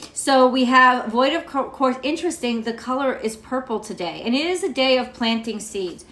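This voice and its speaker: Woman from the US, tarot reader, rambling profane rant, fairly high voice, echoey room. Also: bright, forceful tone. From United States. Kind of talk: casual tarot vlog.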